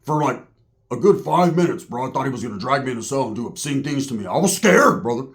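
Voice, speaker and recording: A man's voice: medium pitch, lively intonation, quick pace, pitched below the performer's own voice, close to an everyday voice. A man voicing a rowdy white ex-con biker who drawls and calls everyone brother. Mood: storytelling. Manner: drawling, laid-back, says brother constantly.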